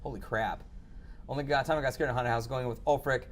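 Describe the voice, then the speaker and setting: Young male podcast host, casual and profane, excitable, faint background hiss. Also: fast. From Texas. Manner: swearing, excitable, jumps to high exclaims. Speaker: podcast host reading chat. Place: home podcast studio.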